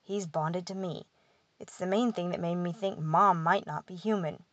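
A woman's voice: fairly low pitch, steady tone, moderate pace, no room sound, muffled recording, close to an everyday voice. Woman voicing a wry young fairy prince. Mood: explaining. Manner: dry, sardonic.

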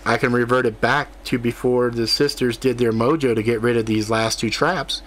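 A man's voice: mid-range voice, steady tone, normal speed, a bit bright, close to an everyday voice. A man playing a tired but determined middle-aged mage in an audiobook, speaking in short, matter-of-fact lines.

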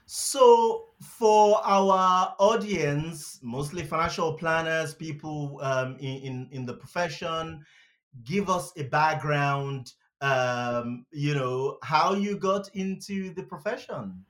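Man podcast host, fairly high voice, eager, stammered restarts, conversational. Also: takes it slowly, a bit bright. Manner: enthusiastic, with stammered restarts and fillers. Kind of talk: conversational interview hosting.

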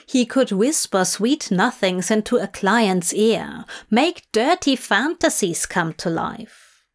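A woman narrating a fan fiction audiobook in a soft, measured storytelling manner. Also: medium pitch, animated. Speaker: reader.

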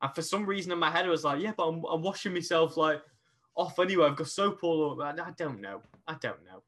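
A man's voice: a little high, expressive, quick pace, fairly bright tone. A young man co-hosting a podcast, teasing and swearing casually. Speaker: podcast co-host. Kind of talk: casual chat.

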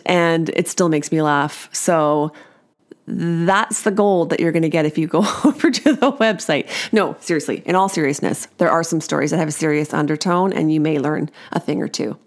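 Wry, self-amused woman podcast host. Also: on the low side. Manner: self-amused, laughs at her own jokes; wry, chatty asides to the listener. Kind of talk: reading a personal parenting story aloud.

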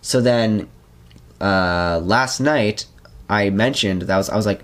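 A young man hosts a podcast, speaking in a lowish voice at a slow pace. He tells stories in a rambling, casual, animated chat packed with fillers.

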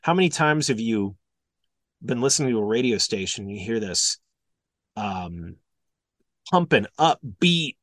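A man from Wisconsin, a radio host and podcast guest, chatting casually in an animated, joking way. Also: on the low side, moderate pace, pauses often, no room sound, clean studio sound. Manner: animated, joking, slips into silly voices.

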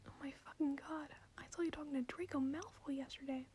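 A woman whispering the lines of an excitable, gossipy teenage goth girl, in a whispered ASMR reading style. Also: high-pitched, fast, a little hiss or hum, lightly acted. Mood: excited.

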